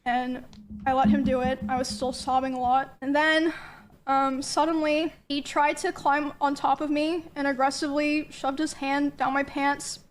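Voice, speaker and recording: A woman giving a personal statement, soft and halting with many pauses. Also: high-pitched, flat delivery, a little hiss or hum. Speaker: streamer telling her account.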